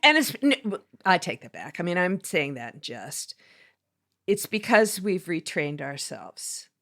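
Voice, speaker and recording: A woman's voice: on the low side, measured pace. A woman co-hosting a podcast in casual conversation, telling stories with lots of animation and acting out the people she quotes. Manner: animated storyteller, acts out quoted dialogue. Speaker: podcast co-host.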